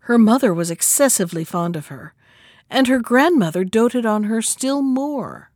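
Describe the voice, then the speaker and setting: A woman narrating a fairy tale in scripted storybook narration, expressive and measured. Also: medium pitch, no echo, studio quality. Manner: expressive, measured reading aloud.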